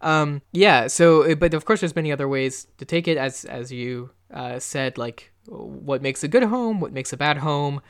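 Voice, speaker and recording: A young man co-hosts a podcast in an easygoing, halting way, full of fillers and restarts. His voice sits a little high and sounds smooth and clear. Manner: hesitant, many fillers and restarts. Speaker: podcast co-host. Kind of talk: casual podcast chat.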